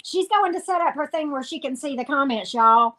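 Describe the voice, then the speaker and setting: Southern woman, live-stream tarot host, high and sharp, upbeat greeter. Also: expressive, fairly quick. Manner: greets viewers by name, upbeat and chatty.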